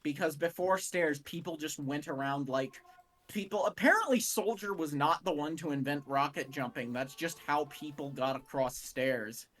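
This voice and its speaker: Bright-voiced young man rambling. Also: a little high, moderate pace. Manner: rambling, animated, jokey. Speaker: podcast co-host. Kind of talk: casual chat.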